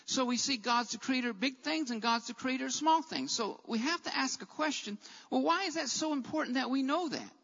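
A man preaching a sermon as a Bible teacher, with an emphatic, repetitive cadence that rises to shouts. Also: very high-pitched, animated, brisk, creaky, long reverb tail, highs cut off.

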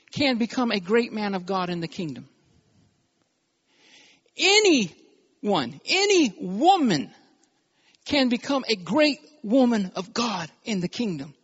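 High-voiced preacher man, emphatic. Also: dull audio. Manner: emphatic preaching with call-and-response amens. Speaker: pastor. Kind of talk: sermon.

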